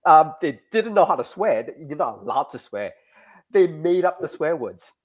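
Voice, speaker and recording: A man's voice: a little high, moderate pace. Chatty man explaining his craft. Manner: animated, restarts mid-sentence. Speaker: guest comics creator. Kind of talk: casual interview chat.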